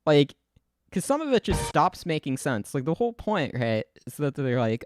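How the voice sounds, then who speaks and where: A man's voice: a little high, very animated, moderate pace, darkish tone, no echo, clean studio sound. A young man chatting casually on a livestream, rambling and giggling, with lots of fillers and restarts, into a desk mic. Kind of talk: casual stream commentary. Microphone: desk mic, untested.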